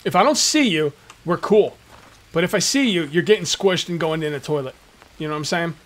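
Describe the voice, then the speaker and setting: Chatty high-voiced man ranting over gameplay. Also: animated, brisk, fairly bright tone. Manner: chatty, ranting, jokey, slips into mock voices. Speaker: gaming YouTuber. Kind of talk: casual let's-play commentary.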